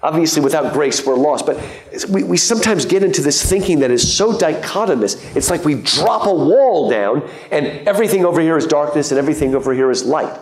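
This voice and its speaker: A man delivers a lecture to a live audience in a lecture hall, and the room's echo carries his voice. His tone is fairly high, and he talks in a loose, joking way. He stops often for asides and fillers. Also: lively intonation, fairly quick. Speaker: guest lecturer.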